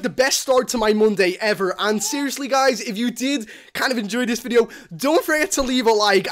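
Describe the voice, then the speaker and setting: Giddy teen boy, high voice. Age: teenager. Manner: giddy, breathless and flustered, shaking with excitement. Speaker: gaming YouTuber. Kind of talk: excited gaming vlog to webcam. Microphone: webcam microphone.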